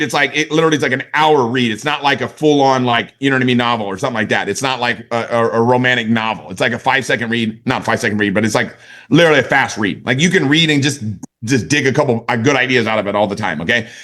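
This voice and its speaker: A man with a fairly high voice rattles through a motivational sales training at a quick clip. He speaks conversationally and keeps checking in with his listeners as he coaches them. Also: bright, forceful tone. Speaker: network marketing sales trainer.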